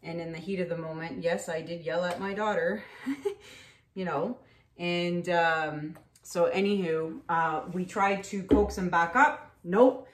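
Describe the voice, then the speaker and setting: A woman in her thirties talks her way through an acrylic pour painting session, chatty and rambling, full of "anywho" and "um". Her voice sits at an ordinary pitch and bounces around an echoey room. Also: measured pace. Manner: chatty, rambling, with frequent fillers. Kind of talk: casual painting tutorial with storytelling.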